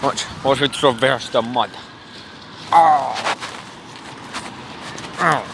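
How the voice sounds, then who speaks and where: A man's voice: medium pitch, moderate pace. Young man, casual walking vlog, rambling, swears a lot, handheld mic, traffic noise all around. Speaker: vlogger. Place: outdoors on city streets. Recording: noisy street recording.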